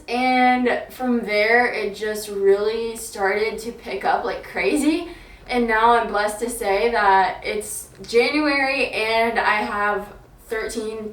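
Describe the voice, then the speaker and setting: A woman's voice: mid-range voice, roomy sound, recorded from a distance, poor audio. A young woman from Alabama with a light Southern accent, chatting casually to camera in a vlog, upbeat and giggly with lots of ums and likes. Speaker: fitness influencer.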